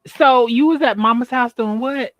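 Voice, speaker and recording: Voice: medium pitch, normal speed, dry recording, highs cut off. Laid-back, teasing radio co-host. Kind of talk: casual chat.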